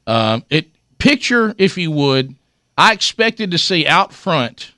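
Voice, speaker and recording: A middle-aged man, telling a comic story in a casual chat, animated and laughing, acting out the voices of the people in it. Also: on the high side, slow, dry recording, clean studio sound. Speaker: storyteller guest.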